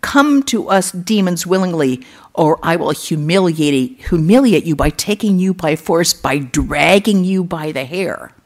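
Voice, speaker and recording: A woman's voice: on the low side, expressive, measured pace, a little mellow. A woman voicing a brutish male demon thug who bellows crude threats while telling a sacred story. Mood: threatening. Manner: blustering threats.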